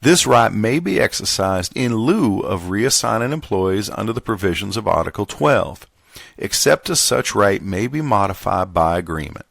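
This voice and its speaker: A man reading a contract manual aloud in a put-on Southern gentleman voice, measured and formal. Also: fairly low pitch, big pitch swings, gravelly, no echo, heavily acted. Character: genteel Southern gentleman reading legal text.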